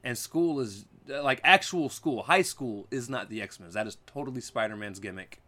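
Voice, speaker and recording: Male co-host, 30s, bright tone, blunt and opinionated, casual swearing. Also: medium pitch, lively intonation, moderate pace. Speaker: podcast co-host. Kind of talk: casual chat.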